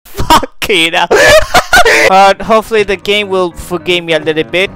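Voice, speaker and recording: A young man giving swearing, ranting gameplay commentary with loud outbursts. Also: high voice, moderate pace, loud music behind the voice. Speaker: gaming YouTuber.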